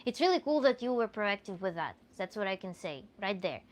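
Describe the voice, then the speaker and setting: A woman with a Russian accent, a coach answering viewer questions in an animated, earnest way with frequent restarts. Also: mid-range voice, fairly quick. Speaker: tantra coach.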